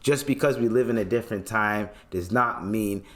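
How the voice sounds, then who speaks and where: Blunt low-voiced man with a Toronto accent. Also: normal speed, a bit bright. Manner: blunt, profane, reacting to social media posts. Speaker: podcast host. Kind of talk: casual ranting commentary.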